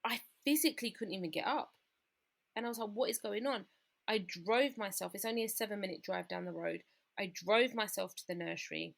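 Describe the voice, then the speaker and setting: Her voice is gravelly and mid-range, and she talks fairly quickly. This British woman in her thirties is sharing a personal story on a podcast with real candour, acting out scenes by repeating what others told her. "Like" comes up constantly in her speech.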